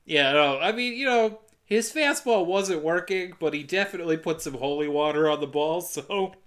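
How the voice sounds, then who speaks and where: A man in his thirties with a fairly high speaking voice casually recaps a film for laughs. He chuckles often and drops into quick character voices as he goes. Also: a bit bright. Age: 30s. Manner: laughs often, jokey retelling with quick put-on quotes. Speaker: podcast co-host. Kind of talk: casual comedic movie recap.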